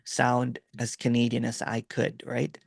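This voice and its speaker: A man's voice: medium pitch, completely flat delivery, a little slow, vocal fry, no echo, clean studio sound. A middle-aged man from the Philippines with a Filipino accent, rambling through a story in casual video-call chat with lots of fillers and "right?". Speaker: host.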